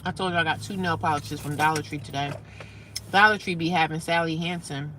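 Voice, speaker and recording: A woman's voice: low-pitched, fairly even intonation, fairly quick, a bit bright, slight background noise. A middle-aged woman chatting casually on a live stream, reading out viewer comments and answering them.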